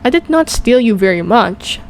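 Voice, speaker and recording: A woman voicing a big, gentle, friendly male giant who talks earnestly in jumbled, mangled grammar. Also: on the high side, big pitch swings, normal speed, a little hiss or hum, pitched above the performer's own voice. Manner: earnest, eager to please.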